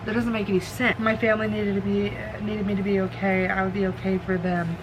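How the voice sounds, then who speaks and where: A young woman talking casually about a book she's reading, rambling and excitable, swearing now and then. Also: mid-range voice, fairly quick, dull audio, noisy background. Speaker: book vlogger. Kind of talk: casual chat. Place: car, for the ending.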